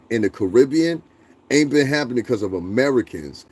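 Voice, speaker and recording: A man's voice: mid-range voice, a little fast, slightly rough, soft background music. Blunt, profane man ranting on stream. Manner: profane, blunt, animated, talks back to chat. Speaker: livestream host. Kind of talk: casual ranting livestream chat.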